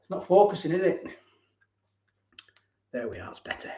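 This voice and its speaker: A man's voice: on the high side, big pitch swings, moderate pace, mellow. Chatty man, roomy dull audio. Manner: chatty, reads out viewer comments, laughs often, reminisces. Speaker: live stream host. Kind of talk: casual live-stream chat. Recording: roomy, slightly dull live-stream audio.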